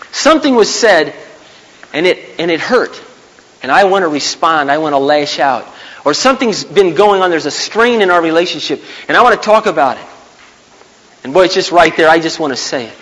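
Earnest and emphatic, a man in his thirties preaches as a pastor and keeps returning to his main points. His voice is slightly high and somewhat bright, with long reverb from a hall.

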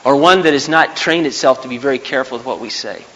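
A man's voice: medium pitch, fast, a bit bright, dull audio. A man in his thirties preaching a sermon as a pastor, earnest and emphatic, repeating his key points. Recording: long hall reverb.

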